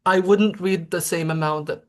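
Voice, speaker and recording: Halting man on a video call. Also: high voice, fairly even intonation. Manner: halting, many repeated words. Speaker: guest speaker. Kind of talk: live demo talk.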